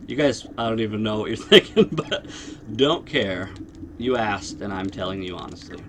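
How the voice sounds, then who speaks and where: Young man ranting, swearing, bright voice. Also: fairly low pitch, moderate pace, a little hiss or hum. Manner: swears constantly, rambling and blunt. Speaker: livestreamer. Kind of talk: casual profane rant. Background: music playing.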